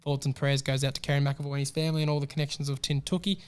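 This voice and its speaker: A man co-hosting a casual horse racing podcast, chatty and excitable, handing out shout-outs. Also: mid-range voice, racing, smooth. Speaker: podcast co-host. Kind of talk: casual racing tips chat.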